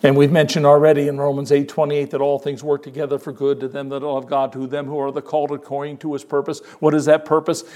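A man's voice: on the high side, fast, few pauses. Older man preaching with emphatic repetition. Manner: expressive, repeats words for emphasis, quotes scripture. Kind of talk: sermon.

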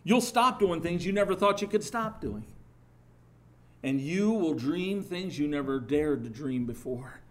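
Middle-aged guy pastor preaching, kinda high voice, gets loud and emphatic then stumbles a bit. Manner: earnest and lively, with rising emphatic bursts and halting restarts. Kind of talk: sermon.

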